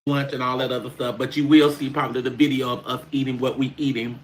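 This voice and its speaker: A man's voice: medium pitch, little pitch movement, fast. A man chatting casually on his livestream, rambling and talking straight to his viewers.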